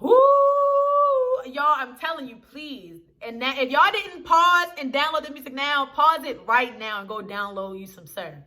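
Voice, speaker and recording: A woman's voice: high voice, moderate pace, few pauses, pushed and bright. A young woman reviewing a TV episode in casual chat to camera, talking straight to her viewers in a slangy, chatty way.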